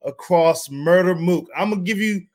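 A man's voice: high voice, moderate pace, darkish tone. A man in his twenties calling in with blunt opinions. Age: 20s. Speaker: caller.

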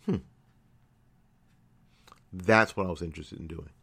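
Deep-voiced middle-aged man telling a story. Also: a little slow, creaky, a bit bright. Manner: storytelling, repeats phrases, self-corrects. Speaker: internet radio show host. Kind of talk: casual monologue. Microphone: studio microphone.

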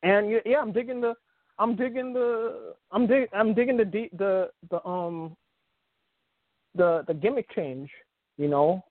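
Rambling through casual sports talk, this podcast host has a high voice and a slightly slow pace. The phone-call audio is tinny and dry, and his speech is dotted with fillers and restarts.

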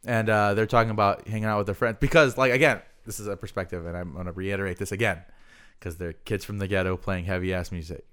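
Smooth-voiced swearing man on a podcast. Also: on the low side, quick pace. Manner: profane, laughing, animated storytelling. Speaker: podcast co-host. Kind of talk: casual podcast chat.

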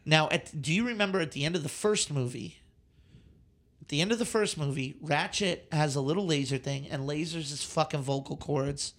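Male podcast co-host, higher register, animated and exasperated, profane. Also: normal speed. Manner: animated, swears often, exasperated rants. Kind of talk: casual movie chat.

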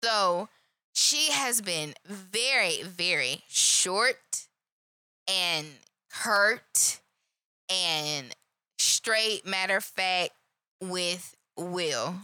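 A woman co-hosting a casual live chat, animated and profane, laughing loudly. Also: on the low side, very slow, clean tone, no echo. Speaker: co-host. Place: live online stream.

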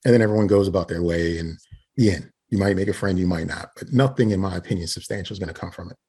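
A man's voice: low voice, fast, dark tone, breathy edge. A man co-hosting a casual comedy chat, arguing his opinions bluntly and ranting. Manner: opinionated, makes blunt arguments and rants.

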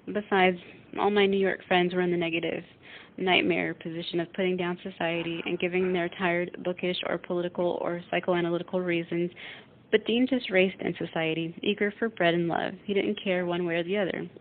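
A woman radio host reading a classic novel aloud in a calm, measured way over a tinny line. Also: lowish voice, a little hiss or hum.

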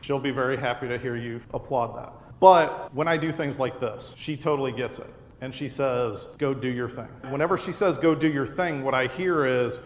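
A podcast host on a live show tells a funny personal story to an audience in an echoey hall, laughter in his voice. He speaks at medium pitch, with a little hiss or hum in the recording.

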